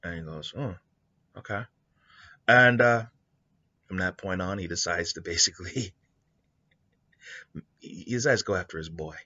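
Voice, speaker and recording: A man with a very low but bright, forceful voice tells a story pitch in a loose, rambling style. The sound is dull and lo-fi. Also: moderate pace, pauses often. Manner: rambling, with many fillers and restarts. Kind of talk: casual spoken story pitch. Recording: dull lo-fi recording.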